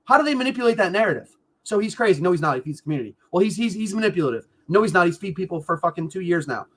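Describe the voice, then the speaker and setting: A man with a New England accent from the northern US, a guest on a livestream interview who talks in rambling, profane, loud bursts. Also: high-pitched, very animated, rapid-fire, slightly rough.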